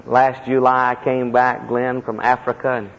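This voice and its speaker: A man preaching a sermon as a personal story, impassioned, with sudden leaps in pitch and heavy emphasis. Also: monotone, moderate pace, gravelly. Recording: echoey hall, dull lo-fi sound.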